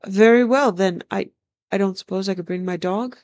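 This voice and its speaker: A storyteller voicing an earnest young boy prince in a read-aloud fantasy tale, with high, excited calls. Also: normal speed, smooth, dry recording, lo-fi sound, natural voice.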